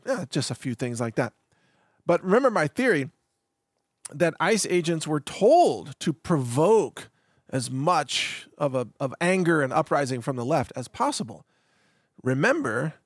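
Man, gravelly voice, dry close sound, sarcastic political rant, laughs at his own points. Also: medium pitch, no room sound. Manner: mocking, laughs often, rambling asides. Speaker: podcast host.

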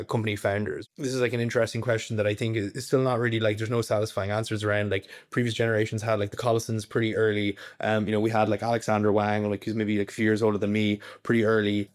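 Irish guy in his 20s, quick rambly talk full of "like"s, kinda low voice. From Ireland. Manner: rambling, heavy filler words. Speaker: guest. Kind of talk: casual conversation.

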